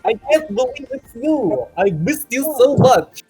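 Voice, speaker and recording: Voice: mid-range voice, big pitch swings, unhurried, over music, rough recording. A gamer voicing Blobbert, an eager, cheerful blobby monster who gushes over an old friend in a comedy game. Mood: gushing. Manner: gushing, exclamatory.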